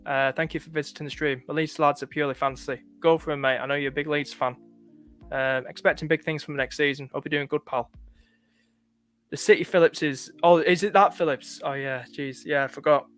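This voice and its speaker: Chatty northern English lad streaming. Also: male voice, a little high, fairly even intonation, a little fast, a bit bright, clear, resonant tone, soft background music. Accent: northern English, light. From north of England. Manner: chatty, thanks viewers often, many fillers. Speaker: livestream host. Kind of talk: casual live-stream chat.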